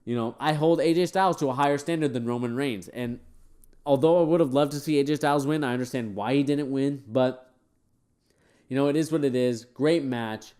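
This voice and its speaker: A man's voice: medium pitch, a little fast, darkish tone, clean tone. A tired man talks through a wrestling event in casual, rambling commentary. He is opinionated and wanders off track, with frequent fillers along the way. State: tired, yawning. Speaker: wrestling show reviewer.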